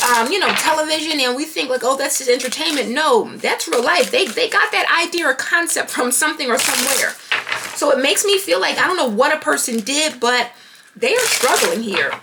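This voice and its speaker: A woman doing a tarot card reading, animated and thinking aloud as she pulls cards. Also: sits high, moderate pace, background noise. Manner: animated, talking to herself while pulling cards. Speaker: tarot reader.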